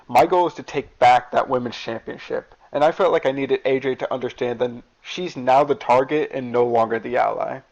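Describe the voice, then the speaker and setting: A man's voice: mid-range voice, fairly even intonation, normal speed, few pauses, a little mellow, close to an everyday voice. A man voicing a driven female wrestler who curtly rejects friendship. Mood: cold. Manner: curt. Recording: dull lo-fi recording.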